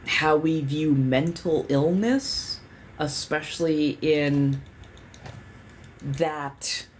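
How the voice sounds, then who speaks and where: A woman's voice: extremely low pitch, a little hiss or hum. A woman hosting a livestream in casual chat. She rambles candidly, swears freely and leans on lots of fillers. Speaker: livestream host.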